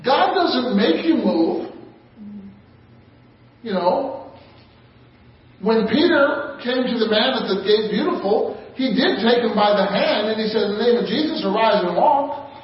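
A man preaching a sermon, leading call and response with laughter and rising shouts. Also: very high-pitched, unhurried. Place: large church hall. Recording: echoey hall from far off, dull sound.

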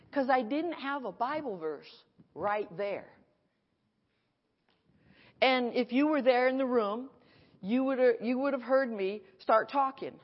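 In an echoey conference hall, a woman pastor preaches an animated sermon, acting out her dialogue. Her voice is a little high and unhurried, and the sound is dull.

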